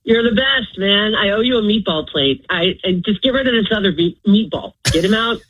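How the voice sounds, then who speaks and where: Fed-up mom venting on a call-in, kinda husky, dull phone sound, dry. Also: female voice, medium pitch, lively intonation, brisk, no echo. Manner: exasperated, exaggerated venting. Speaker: caller. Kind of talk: call-in radio chat. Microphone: phone line. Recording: muffled phone-line call.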